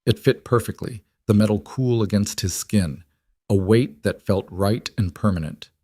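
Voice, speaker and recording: Gentle and measured, a man narrates a prepared story. He speaks on the lower side, and the dry, close-up recording picks up no room sound.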